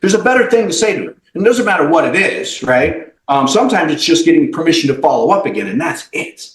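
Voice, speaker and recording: A high-voiced man talks in big, lively swoops, pressing each point bluntly and swearing now and then. He is a company CEO sitting as a guest on a podcast interview. The room around him rings with a noticeable echo. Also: fast talker. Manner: emphatic, blunt motivational talk with profanity.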